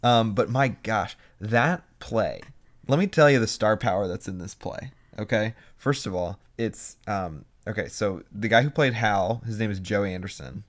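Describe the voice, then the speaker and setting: A young man co-hosting a podcast, chatting casually and telling animated stories. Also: lowish voice. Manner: animated storyteller, quick bursts and impressions. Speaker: podcast co-host. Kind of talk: casual chat.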